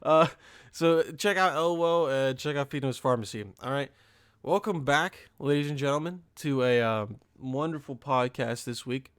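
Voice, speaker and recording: A man's voice: mid-range voice, moderate pace, a bit bright, clean tone, dry recording, studio quality. A man hosting his own podcast, rambling casually in a profane, loose monologue full of fillers and restarts. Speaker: podcast host.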